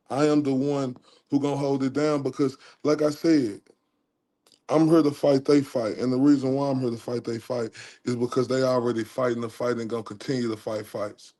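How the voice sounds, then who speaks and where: A man's voice: medium pitch, fairly even intonation, brisk, dark tone. A man from Texas, chatting casually on his livestream, joking and laughing at himself. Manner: laughs at himself, breaks into singing. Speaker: livestream host.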